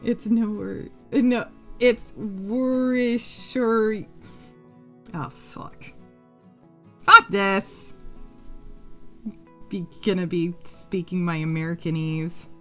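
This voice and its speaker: A woman's voice: medium pitch, fairly even intonation, takes it slowly, long pauses, bright, forceful tone, faint music behind. A woman from the US Pacific Coast hosting a crochet livestream, chatting with viewers, giggling, swearing freely and counting stitches under her breath. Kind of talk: casual chat while crocheting, reading chat aloud.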